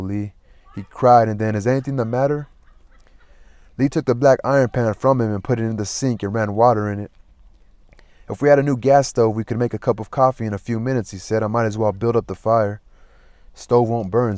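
A man reading a novel aloud in an even, plain manner, lightly voicing the dialogue. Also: lowish voice, no room sound. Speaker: audiobook reader.

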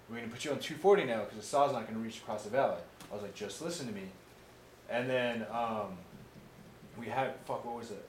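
A young male veteran tells war stories casually at a fast clip in a medium-pitched voice, swearing a lot and acting out what people said. It's animated oral-history storytelling, recorded in an echoey room with faint noise.

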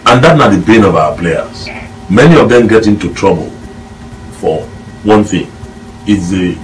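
Very low-voiced Nigerian Pidgin man, emphatic pundit, mic distant, faint noise. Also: expressive, moderate pace, long pauses. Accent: Nigerian Pidgin English. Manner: emphatic, lecturing. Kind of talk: studio discussion.

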